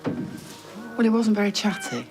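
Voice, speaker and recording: A woman's voice: mid-range voice, big pitch swings, a little slow, over music. An actress playing a weary grieving woman, subdued and worn down. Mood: tired. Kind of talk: TV soap acting. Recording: noisy background.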